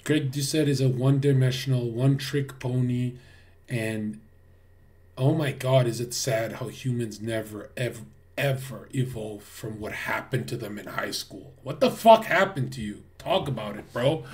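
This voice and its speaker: A man's voice: medium pitch, normal speed, far from the mic. A man streaming to his chat, ranting in a blunt, preachy way with lots of swearing. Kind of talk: livestream rant to chat.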